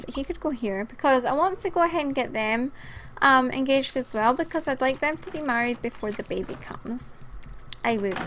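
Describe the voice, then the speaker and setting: This gaming channel host has a voice on the high side, with slight noise in the background. She's doing a relaxed let's play, chatting and giggling at the game characters, though she sounds tired.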